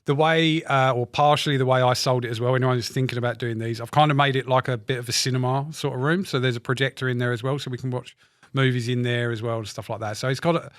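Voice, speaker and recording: A man's voice: medium pitch, fairly even intonation, fast, no room sound. A man chatting casually on a podcast, laid-back with a dry sense of humour. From Australia. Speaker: podcast co-host. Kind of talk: casual chat.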